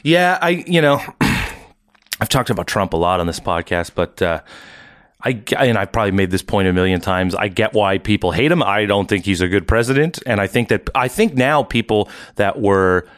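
A man hosting a podcast in casual chat, laughing often and dropping low and quiet when he gets serious. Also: animated, normal speed, no room sound, clean studio sound. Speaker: podcast host.

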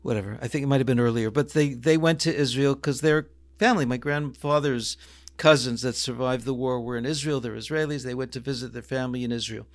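A man's voice: mid-range voice, fast talker. A man in his sixties, a rabbi, telling a personal family story reflectively in an interview, restarting sentences and quoting Hebrew phrases.

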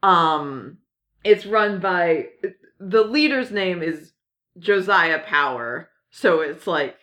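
A woman chatting casually as a podcast co-host, unhurried and meandering, her pitch sitting a little low. She trails off into fillers and restarts and giggles between thoughts. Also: lively intonation, fairly bright tone. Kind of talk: casual chat about comics.

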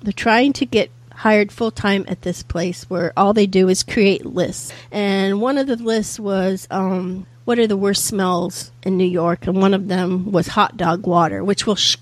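A woman's voice: medium pitch, normal speed, dry recording. A woman chatting as a podcast guest, laughing often as she retells a favorite episode. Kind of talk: casual chat.

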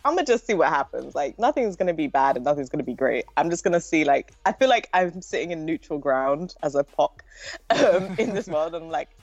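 A woman's voice: sits low, expressive, a little fast, a little mellow, no room sound, faint music behind. Casting: woman from the UK, casual candid talker, laughs a lot, dull muffled recording, dry sound. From United Kingdom. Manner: candid, laughs often, nihilistic. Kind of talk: casual political chat.

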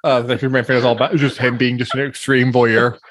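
A man co-hosting a podcast over a video call, delivering his jokes deadpan. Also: mid-range voice, fast talker. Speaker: podcast co-host. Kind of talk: casual chat.

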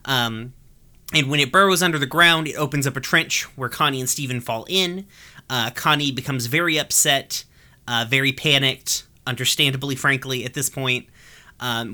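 A podcast host recapping a show episode in a casual, animated way, laughing often, swearing freely and talking with lots of fillers and restarts. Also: mid-range voice. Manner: chatty with many fillers and restarts. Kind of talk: casual chat.

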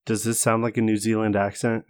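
A man's voice: lowish voice, level tone, a little fast, clean tone. A young man from the United States, co-hosting a podcast in casual chat with a dry, joking manner. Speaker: podcast co-host.

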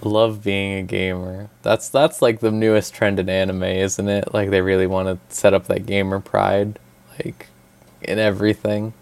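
A man co-hosting a casual podcast chat, telling stories in a rambling, animated way with lots of fillers and swearing. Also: on the low side, normal speed, vocal fry. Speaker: podcast co-host.

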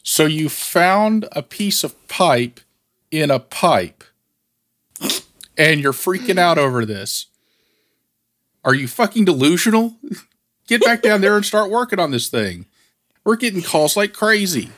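A man's voice: high-pitched, big pitch swings, a little slow, pauses often, fairly bright tone, heavily acted. A man doing a foul-mouthed bullying boss. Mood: scornful. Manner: scornful, swearing.

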